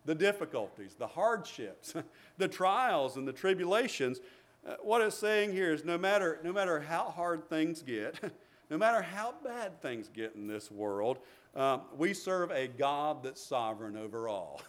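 A middle-aged man delivers a sermon in a relaxed, conversational way. His voice sits high for a man. He often repeats words and adds short chuckles between points. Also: a little slow. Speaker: preacher.

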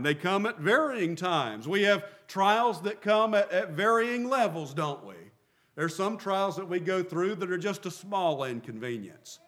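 A man's voice: high voice, pushed and bright. A middle-aged man preaching a sermon as a pastor, asking rhetorical questions and repeating phrases for emphasis.

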